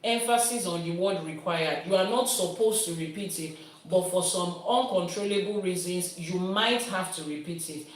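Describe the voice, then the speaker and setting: In a lowish voice at normal speed, a woman priestess from Nigeria responds to viewers' questions and teaches with a lively, teacherly style built on everyday comparisons. A distant microphone makes the recording sound roomy.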